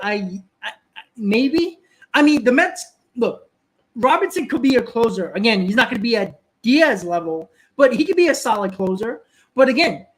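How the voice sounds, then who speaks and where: A man's voice: very high-pitched, fairly bright tone. A man hosting a live stream, ranting casually, often repeating and restarting words and answering viewers in the chat.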